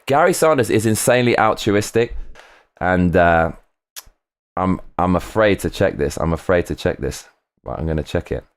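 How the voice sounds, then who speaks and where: Reading out comments from viewers, this live streamer talks casually with a low-sitting voice at a moderate pace. He gets excitable, curses often, and says things more than once.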